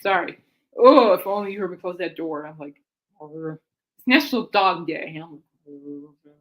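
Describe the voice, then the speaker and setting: A woman's voice: on the low side, lively intonation, brisk. A woman hosting her own music chat show, rambling in a casual monologue and often laughing and getting sidetracked. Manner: chatty, self-deprecating, easily sidetracked.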